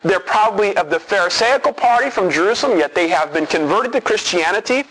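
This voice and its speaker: A male preacher with a high voice works through scripture in an earnest sermon. He leans hard on key words and repeats them for emphasis. The sound has the quality of a radio broadcast. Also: expressive, a little fast, fairly bright tone, rough recording. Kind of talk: expository sermon.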